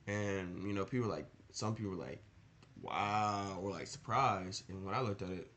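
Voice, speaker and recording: A man's voice: sits low, normal speed, a bit bright, a little hiss or hum. A young man giving casual motivational advice in a rambling, earnest way, often asking rhetorical questions. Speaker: motivational vlogger.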